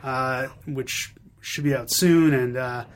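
A man hosting a podcast, running through news in a chatty, enthusiastic way with quick fillers. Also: medium pitch, steady tone. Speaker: podcast host. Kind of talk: upbeat news roundup.

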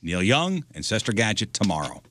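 A man's voice: lowish voice, very animated, fairly quick, fairly bright tone, a little hiss or hum. A man hosting a radio show, chatting casually and joking as he reads out news items.

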